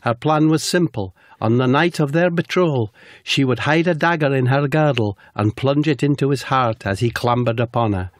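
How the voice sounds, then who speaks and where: A man co-hosting a comedy podcast, telling an absurd tale in a deadpan way and chatting with hesitant fillers. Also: mid-range voice, moderate pace, few pauses, dry recording, studio quality. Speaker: podcast co-host. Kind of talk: comic storytelling and casual chat.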